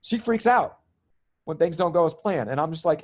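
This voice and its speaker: A middle-aged man telling personal stories in conversation, lively and laughing often, acting out the voices of people in them. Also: a little high, moderate pace. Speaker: guest, spiritual comedian and healer. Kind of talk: animated storytelling in conversation.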